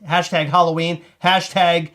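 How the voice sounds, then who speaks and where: A high-pitched man with a Maryland accent hosts a casual live chat. He talks in an excitable, rambling way and breaks into laughter often. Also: unhurried. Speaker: host.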